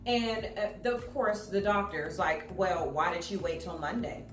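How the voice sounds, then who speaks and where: A woman in her thirties speaking to an audience, telling a personal story in an animated way and acting out the voices of the people in it. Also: on the low side, moderate pace. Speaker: public speaker. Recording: echoey room with faint music.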